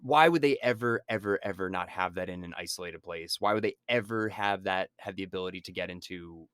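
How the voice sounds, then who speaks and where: A man co-hosting a casual movie-review podcast, animated and mocking as he acts out scenes. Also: deep voice, a little fast, smooth, no echo, studio quality. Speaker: podcast co-host. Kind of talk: casual film-review chat.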